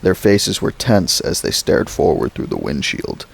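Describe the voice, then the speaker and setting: A man reading a thriller novel aloud as a narrator, slow and dramatic. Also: a bass voice, wildly swooping pitch, vocal fry, husky, poor audio. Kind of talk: audiobook narration.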